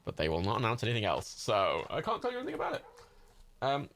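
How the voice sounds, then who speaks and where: A man chatting his way through a game on a livestream. He is self-mocking and swears freely. His voice jumps up and down with a bright, sharp tone. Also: mid-range voice, huge pitch swings, fast talker, slight background noise. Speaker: streamer. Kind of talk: casual livestream gaming commentary.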